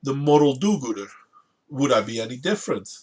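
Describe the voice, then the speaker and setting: A man with a Dutch accent hosting a stream, debating politics in a measured, deliberate way. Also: mid-range voice, very animated, darkish tone, slightly rough. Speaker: stream host.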